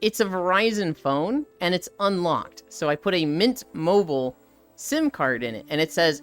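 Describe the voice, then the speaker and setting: Faint music sits behind this woman's lowish, animated voice as she walks and chats at a moderate pace. It's casual live-stream talk, delivered with strong opinions and emphasis, and she keeps building long lists of points.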